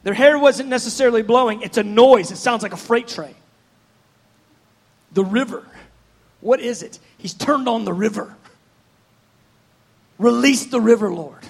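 A man's voice: extremely high pitch, measured pace, creaky, long pauses. A man preaching a sermon in a fervent, conversational, rambling way.

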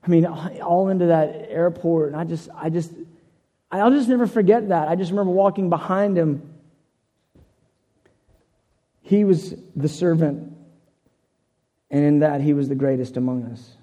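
A man's voice: fairly high pitch, moderate pace, warm tone, long reverb tail. A man preaching a sermon, telling a personal story in an earnest way, often repeating and restarting phrases.

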